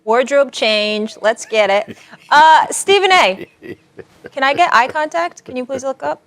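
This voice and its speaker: A woman moderating a sports talk show, briskly reading the news and steering the debate. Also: high voice. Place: TV studio. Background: music.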